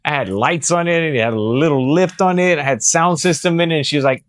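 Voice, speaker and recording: A young pastor and podcast host with a Texan accent tells a family story in casual conversation, animatedly acting out other people's lines. His voice is a little high and fairly quick with hardly any pauses, in clean studio sound with no echo.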